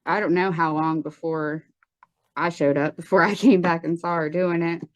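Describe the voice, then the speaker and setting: A woman giving a personal testimony in an interview, earnest and halting, with frequent pauses and restarts. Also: fairly low pitch, fairly even intonation, no echo. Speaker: guest telling her life story.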